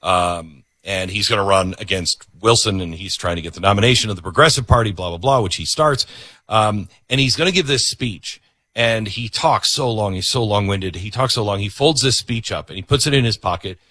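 Male host, husky and bright, lively storyteller, dry room. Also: fairly low pitch, brisk, no echo. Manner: animated storytelling. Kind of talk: casual interview chat.

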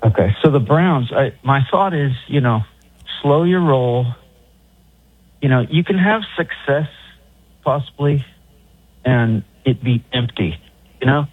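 A man's voice: medium pitch, slightly rough, no echo. A man calling in to a sports radio show, rambling hesitantly through his opinion. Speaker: caller. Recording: dry phone line.

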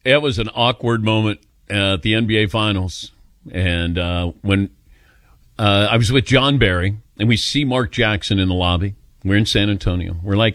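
A man's voice: fairly low pitch, moderate pace, no room sound, studio quality. A man hosting a sports radio show, telling a story in a casual way and acting out the voices of the people in it. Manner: animated storyteller, acts out quoted voices. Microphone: studio microphone.

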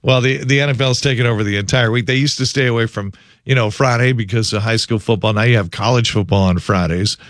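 A man's voice: mid-range voice, fast talker, dry recording. Chatty radio host man, dry sound. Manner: chatty, storytelling, many fillers. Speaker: radio breakfast show host. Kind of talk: casual morning radio chat.

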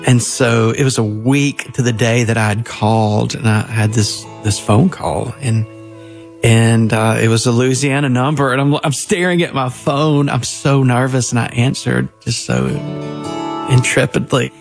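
Gravelly, flat-toned man in his fifties. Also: medium pitch, faint music behind. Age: 50s. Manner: earnest, heartfelt, with halting restarts. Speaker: minister telling his adoption story. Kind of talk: personal storytelling.

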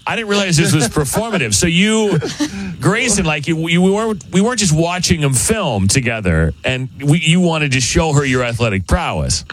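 A man hosting a radio dating segment, teasing and bantering playfully with quick interjections. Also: a little high, big pitch swings, slight background noise, low-quality recording. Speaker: radio show host.

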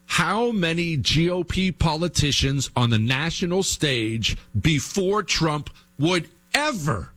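A man's voice: a little high, lively intonation, takes it slowly, hardly any pauses, a bit bright. A man hosting a radio talk show, giving an emphatic political monologue that speaks straight to his listeners and repeats phrases for emphasis. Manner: emphatic, repetitive, addresses listeners directly.

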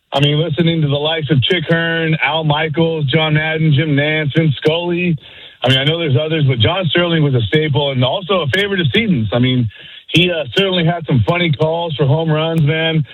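A man's voice: fairly high pitch, moderate pace, no echo. A man calling into a sports radio show, hyped and slangy. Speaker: caller. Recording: muffled phone-in line.

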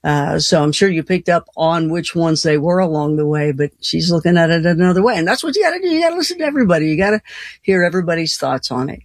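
A woman's voice: on the low side, lively intonation, fast talker, no echo. A woman hosting a late-night call-in radio show, chatty and folksy, laughing easily between callers. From Colorado. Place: radio studio.

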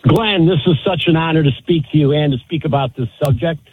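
A middle-aged man calling in to a radio talk show, heard over a tinny phone line. His voice is a little husky. He speaks warmly and in a measured way, full of gratitude. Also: fairly high pitch. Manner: warm, grateful, measured. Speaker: caller.

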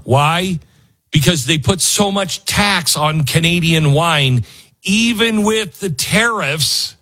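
Sarcastic husky-voiced male commentator. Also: a little high, fairly bright tone. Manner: sarcastic, mocking, breaks into put-on voices and laughs. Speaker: show host. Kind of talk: casual political commentary.

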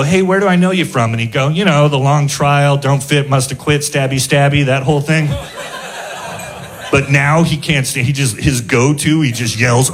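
Male comic, middle pitch, loose rambling storytelling delivery. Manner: rambling anecdote, chuckling at his own jokes. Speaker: stand-up comedian. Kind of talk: stand-up storytelling.

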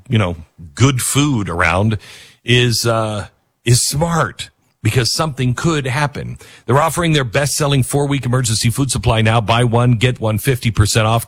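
A middle-aged man hosting a talk radio show, rambling and self-deprecating, reading ads live and leaping into a high mocking voice. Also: no echo.

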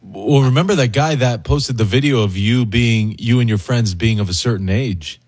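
A man's voice: medium pitch, moderate pace, darkish tone, husky, no room sound. A man co-hosting a radio show, teasing the others with dry, playful humor. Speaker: radio co-host. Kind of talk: casual morning radio banter.

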